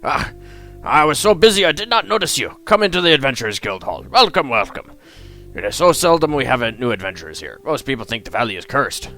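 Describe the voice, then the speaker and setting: A man's voice: mid-range voice, big pitch swings, a little fast, bright, forceful tone. A man voicing a genial old male guildmaster, a retired adventurer who reminisces in a chatty, friendly way over faint guitar music.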